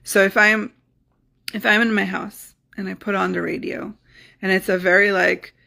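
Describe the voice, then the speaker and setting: Host: middle-aged woman, gravelly edge, animated storyteller talking to camera. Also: medium pitch, moderate pace. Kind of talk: casual talk to camera.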